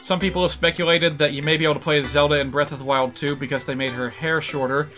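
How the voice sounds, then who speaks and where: A man's voice: fairly high pitch, fairly even intonation, fast, bright, forceful tone, faint music behind. A man giving casual, joking commentary while streaming a video game. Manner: chatty, joking asides with laughs.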